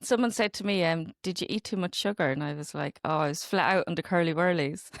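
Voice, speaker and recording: Incredulous woman co-host, low voice. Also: a little fast, dry recording, studio quality. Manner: incredulous, agreeing, short laughs. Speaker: podcast co-host. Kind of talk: casual podcast chat.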